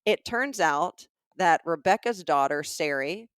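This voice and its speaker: A woman's voice: on the low side, a little slow, smooth, no room sound, clean studio sound. A middle-aged Southern woman with a Southern US accent, a podcast co-host telling a comedic story and acting out the voices of the people in it. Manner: animated, acts out the dialogue of people in her stories.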